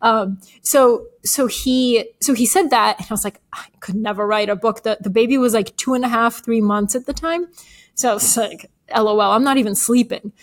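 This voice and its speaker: Woman guest telling a story, kinda high voice, laughs a lot, casual. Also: moderate pace. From Bulgarian American. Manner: chatty, laughs often, quotes others in animated voices. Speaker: guest, author. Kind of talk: casual interview chat.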